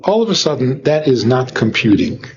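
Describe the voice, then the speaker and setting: A man's voice: mid-range voice, sing-song, moderate pace, dull audio. A man who is a rabbi, giving an informal teaching talk full of rhetorical questions, often chuckling. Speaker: rabbi and lecturer.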